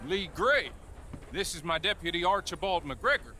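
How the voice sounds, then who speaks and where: An actor playing a wary, curt frontier sheriff. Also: male voice, high-pitched, animated, moderate pace. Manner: curt, guarded. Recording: game audio with loud ambient noise.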